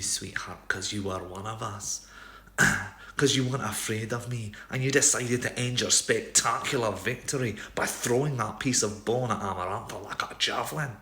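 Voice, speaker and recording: A man's voice: medium pitch, bright, forceful tone. A man putting on a brooding Scottish fae lord. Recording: roomy echo.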